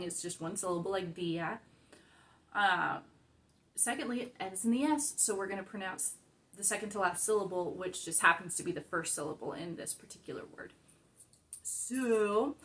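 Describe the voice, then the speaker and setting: A woman's voice: mid-range voice, fairly bright tone. A woman with an American accent leading a beginners' Spanish group, explaining word stress rules patiently and repeating key points step by step. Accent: American English. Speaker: Spanish class leader. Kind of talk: casual teaching explanation.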